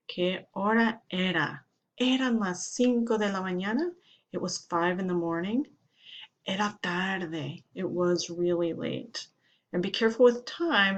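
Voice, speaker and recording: A woman with a fairly low voice teaches a Spanish grammar lesson, explaining at a steady pace and translating each example sentence after she says it.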